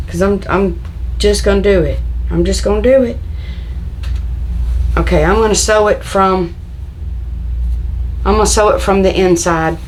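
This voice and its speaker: An older woman with a Southern drawl talks her way through a sewing tutorial in a casual, homespun manner. Her pitch sits mid-range, and she keeps up easy running chatter, calling the viewers y'all. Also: rough recording. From Tennessee, USA. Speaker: sewing channel host. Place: home sewing room.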